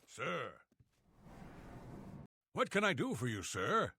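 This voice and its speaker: An actor playing a gruff male orc guard in a fantasy video game, speaking formally. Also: fairly high pitch, big pitch swings, takes it slowly, bright, forceful tone, dry recording, full character voice. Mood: dutiful. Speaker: game character.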